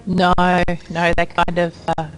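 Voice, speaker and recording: A woman co-hosting a live game stream, talking in a low-key, teasing way. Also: completely flat delivery, slow pace, poor audio. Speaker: livestream co-host. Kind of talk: casual gaming chat. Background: game music.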